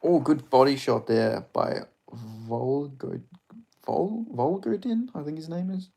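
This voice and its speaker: Gravelly excitable man. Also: on the high side, measured pace. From Australia. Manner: excitable, swearing, chatty reactions. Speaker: streamer. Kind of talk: live fight watch-along commentary.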